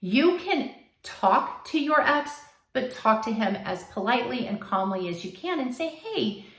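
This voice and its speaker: A woman's voice: on the high side, expressive, normal speed, fairly bright tone. A woman coaching her listeners firmly in a direct advice talk, sometimes acting out what they might say. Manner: firm, coaching, acts out quoted lines. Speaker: advice host. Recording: echoey room.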